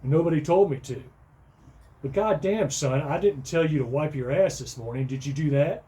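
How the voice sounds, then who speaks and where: A man acting out his younger self as an exasperated father yelling and scolding at home. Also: fairly high pitch, normal speed, close to an everyday voice. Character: exasperated shouting father, middle-aged man.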